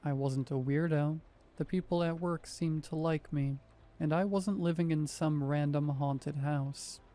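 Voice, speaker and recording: A man in his thirties narrates a first-person horror story, with scripted delivery and wry, conversational asides. His voice sits slightly high for a man but sounds mellow and warm. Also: steady tone, a little slow.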